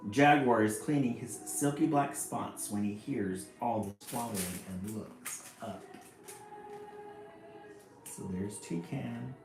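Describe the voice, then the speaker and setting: Male storybook reader, fairly low voice, chatty asides, echoey room. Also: slow pace, background noise. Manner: lively, chatty asides about the pictures. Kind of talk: reading a picture book aloud with commentary. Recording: echoey room, faint music.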